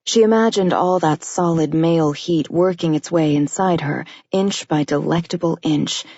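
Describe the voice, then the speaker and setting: A woman narrating a romance audiobook in a steady, intimate storytelling manner. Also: sits low, normal speed, breathy edge, dry recording, dull audio.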